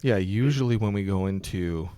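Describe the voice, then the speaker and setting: A middle-aged man, a pastor, explaining his ideas in a relaxed podcast conversation, thinking aloud with ums and restarts. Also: deep voice, moderate pace, smooth, dry recording. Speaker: pastor and guest.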